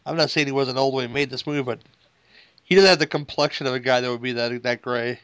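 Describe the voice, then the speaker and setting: A man's voice: medium pitch, fairly even intonation, fast talker, fairly bright tone, clear, resonant tone, dry recording, poor audio. Crude, joking man on a dry mic. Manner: joking, crude running commentary. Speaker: podcast co-host. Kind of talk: casual movie commentary.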